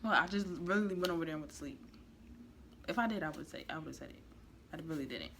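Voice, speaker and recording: A woman's voice: deep voice, expressive, quick pace, a bit bright, slight background noise. A young woman, casually telling her side of a shared story, laid-back and swearing. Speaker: vlogger, partner in the story.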